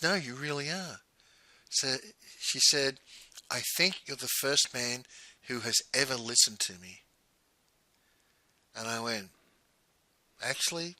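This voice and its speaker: A man's voice: mid-range voice, sharp tone, dry recording, poor audio. A man telling a personal story in a conversational way, often quoting what was said. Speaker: host.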